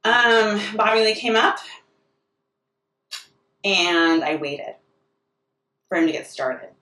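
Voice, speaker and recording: A woman's voice: medium pitch, lively intonation, slow pace, sharp tone. A woman delivering a rambling comic monologue, often restarting her sentences. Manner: rambling and self-interrupting, full of restarts. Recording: echoey room, distant mic.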